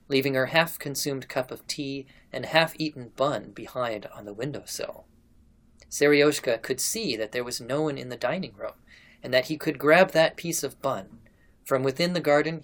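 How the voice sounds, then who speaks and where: A man hosting a podcast, casually retelling a historical story to his guests with a relaxed, chatty manner and easy laughs. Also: medium pitch. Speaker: podcast host.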